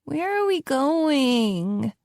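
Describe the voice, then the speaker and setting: A woman's voice: a little high, sing-song, slow, dark tone, dry recording, clean studio sound, full character voice. A woman voicing a bratty, defiant eight-year-old girl in an audiobook, sulky and whiny.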